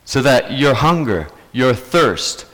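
A male pastor delivering a sermon at an unhurried pace, his pitch rising and falling expressively. He speaks earnestly and repeats phrases for emphasis. His voice carries a long echo, as if in a large church hall. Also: big pitch swings, fairly bright tone. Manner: earnest, repetitive emphatic preaching.

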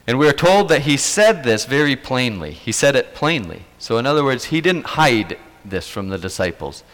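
A man's voice: mid-range voice, very animated, moderate pace, a bit bright, in a large hall. A man preaching a sermon, retelling events earnestly and emphatically, repeating key phrases for weight.

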